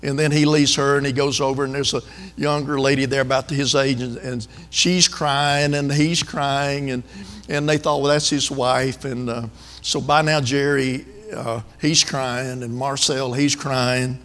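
A man's voice: medium pitch, level tone, measured pace, a bit bright, long reverb tail. A man, preaching a sermon in a folksy, storytelling way with asides to the congregation.

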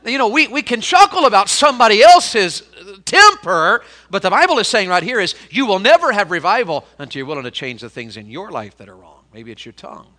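A middle-aged man delivers a sermon with a bright, ringing tone set a touch high. He tells homespun stories, pushing some words out loudly and dropping others to a near hush. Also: sing-song, brisk, hardly any pauses. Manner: folksy storytelling, swings from loud emphasis to quiet intensity. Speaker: pastor.

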